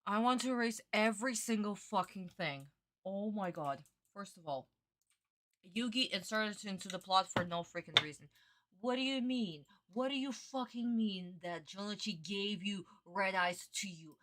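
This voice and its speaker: A woman streamer reacting to an anime dub, exasperated and swearing while deliberately keeping her voice down. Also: mid-range voice, lively intonation, fairly bright tone. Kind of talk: casual reaction commentary.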